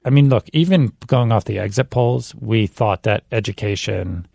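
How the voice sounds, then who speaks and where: A man's voice: fairly low pitch, moderate pace, gravelly, a little mellow, no echo, clean studio sound. A man, the managing editor of a politics podcast, chatting analytically and thinking aloud with many restarts. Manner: thinks aloud with frequent restarts and "you know". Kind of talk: casual analytical chat. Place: studio. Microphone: studio mic.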